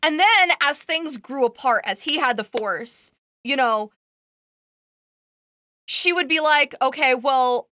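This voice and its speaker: A woman's voice: sits high, animated, takes it slowly, long pauses, pushed and bright. A woman streamer in casual chat, rambling with lots of fillers and laughing as she tells a story.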